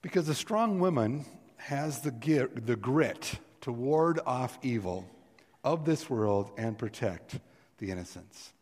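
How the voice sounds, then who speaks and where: Middle-aged man, pastor, earnest sermon delivery with strong emphasis, mid-pitched voice, long church reverb. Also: lively intonation, slow pace, a little mellow. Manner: earnest, swells with emphasis on key words. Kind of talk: sermon with scripture reading. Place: church sanctuary.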